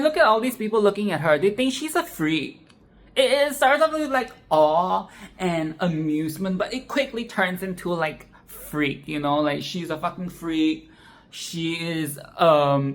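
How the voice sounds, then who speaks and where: Woman, casual film commentary, profane, emphatic repetition, somewhat low voice. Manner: expressive, profane, repeats phrases for emphasis.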